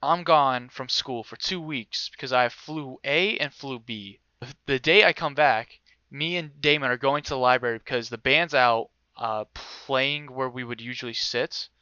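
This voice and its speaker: A young man casually telling a story, animated and swearing freely, acting out other people's voices. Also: mid-range voice, moderate pace, clear, resonant tone, no echo, lo-fi sound.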